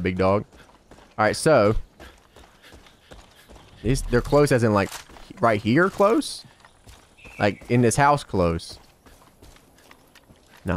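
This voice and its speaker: A man giving casual, slangy gameplay commentary as a let's play host, excitable and bantering with game characters. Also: on the low side.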